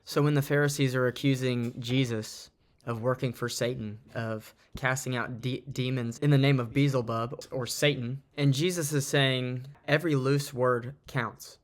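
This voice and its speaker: Guy reading off his notes about scripture, earnest and thoughtful, steady mid voice. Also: mid-range voice, moderate pace. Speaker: Bible teacher. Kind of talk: informal Bible study talk.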